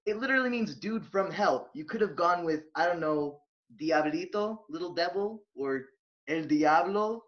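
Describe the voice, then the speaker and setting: A man's voice: fairly high pitch, moderate pace. Man ranting animatedly on a lo-fi podcast. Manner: animated ranting, swears, loud laughs. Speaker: podcast co-host. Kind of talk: casual movie review chat. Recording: dull lo-fi audio.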